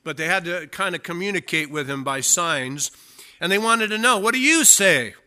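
A man delivers a sermon with a very bright, tense edge to his voice. He sits a little high in pitch for a man. He reads scripture aloud and leans on key lines by slowing down hard. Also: clean tone. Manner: emphatic, slows down to stress key phrases. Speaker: preacher. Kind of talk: sermon with Bible reading.

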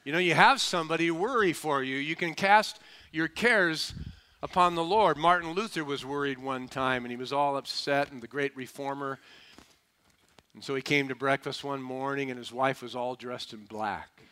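A male pastor preaches a sermon emphatically, folksy and humorous, prompting the congregation to call back responses. His mid-range voice is pushed and bright, at a moderate pace with a clean tone.

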